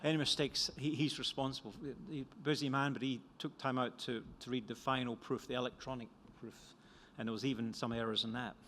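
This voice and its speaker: An older Scottish economist from Scotland speaks a little fast about his book at a conference, his medium-pitched voice slightly bright with fairly even intonation. He rambles, runs himself down, and restarts often, with slight background noise and lecture hall reverb.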